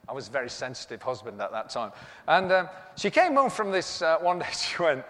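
A man's voice: on the high side, sing-song, fast talker, a bit bright. A man preaching, telling a comic story and acting out the dialogue in a self-mocking way. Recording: echoey hall with long reverb.

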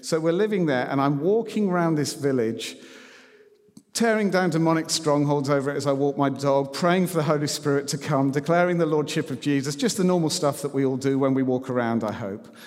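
A preacher with a fairly high, darkish voice speaks a little fast as he tells personal stories in a sermon. His delivery is conversational and self-deprecating, and the hall adds long reverb.

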